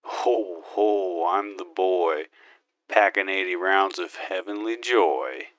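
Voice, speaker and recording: Man doing a brash space marine hero, boastful, wisecracking, gun noises, lowish bright voice, slow drawl. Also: fairly even intonation, no room sound. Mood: cocky. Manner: boastful wisecracking, makes gun sound effects. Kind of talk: in-character game monologue.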